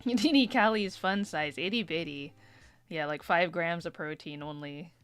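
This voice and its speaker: A woman's voice: lowish voice, measured pace, clear, resonant tone, soft background music. Playful woman streaming a game. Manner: playful, giggly asides. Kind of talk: casual game stream commentary.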